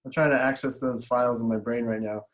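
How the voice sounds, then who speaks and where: A man chats as an interviewer, rattling off his words quickly. He hesitates often and circles around, trying to find what he means. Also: medium pitch, fairly even intonation. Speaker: chiropractor, interviewer. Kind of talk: casual interview chat.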